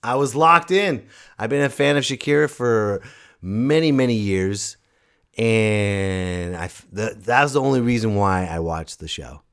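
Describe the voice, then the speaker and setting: A man in his thirties hosting a casual solo podcast, excitable and joking, restarting his sentences and jumping to loud high shouts when he mimics others. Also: unhurried, clear, resonant tone. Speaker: podcast host.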